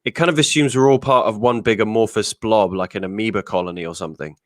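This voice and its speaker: A man's voice: fairly low pitch, fast talker, dry recording, clean studio sound. A man co-hosting a casual podcast, laid-back and wry, often chiming in to agree. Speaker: podcast co-host.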